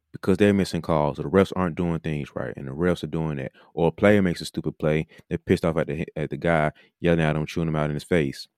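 A man's voice: low-pitched, darkish tone, no room sound, clean studio sound. A man, a podcast host and coach, talking casually and animatedly, now and then mimicking coaches mid-sentence. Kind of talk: casual monologue.

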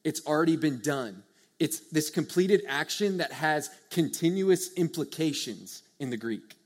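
A young man preaching a sermon to a live audience, earnest and conversational, swinging from hushed to loud emphasis. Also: on the high side, lively intonation, a little slow. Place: church or meeting hall with a live audience.

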